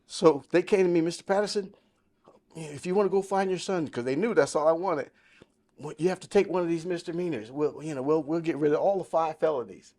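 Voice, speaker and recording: A man's voice: fairly high pitch, brisk, warm tone. A man of sixty telling his life testimony in casual podcast talk, emphatic and storytelling, quoting the people in it. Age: 60s. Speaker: podcast guest.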